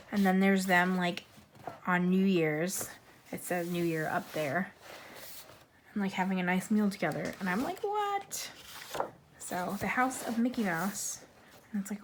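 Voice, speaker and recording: A woman's voice: medium pitch, slight background noise. A woman vlogger chatting casually about a coloring book haul, gushing and bubbly, while losing her voice. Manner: bubbly, gushing, repeats 'super'. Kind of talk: casual chat.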